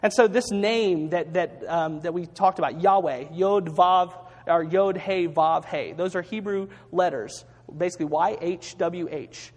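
Man, pastor, sermon, high-pitched, earnest, repeats words, long reverb. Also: unhurried, hardly any pauses. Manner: earnest, repeats words while reading scripture aloud.

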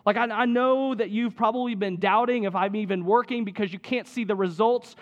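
A man's voice: high voice, fairly quick, hardly any pauses. A man preaching a sermon in a conversational way, often checking in with "right?" as he reads and explains scripture. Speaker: pastor.

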